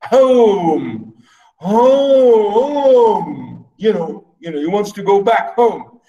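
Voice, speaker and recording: A man with Arabic as his first language teaching a literature class, explaining slowly and repeating and paraphrasing each line. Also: high voice, dark tone, recorded from a distance, lo-fi sound. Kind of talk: classroom lecture.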